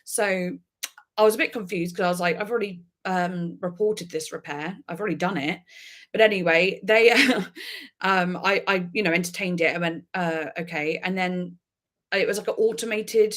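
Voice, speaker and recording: A woman chats loosely with her live stream audience. She tells her stories in an animated, giggly way and breaks into laughter often. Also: fairly low pitch, moderate pace. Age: adult with a daughter. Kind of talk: casual live chat.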